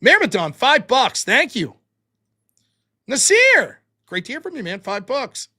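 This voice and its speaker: Lively, bright-voiced male stream host. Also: extremely high pitch. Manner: quick, offhand thanks and blunt replies with swearing. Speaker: livestream host. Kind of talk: casual chat reading viewer donations.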